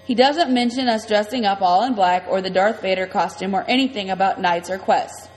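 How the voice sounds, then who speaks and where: A woman's voice: medium pitch, brisk. A woman reading a first-person story aloud in a conversational, vivid way. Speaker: audiobook reader. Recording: long reverb, faint music.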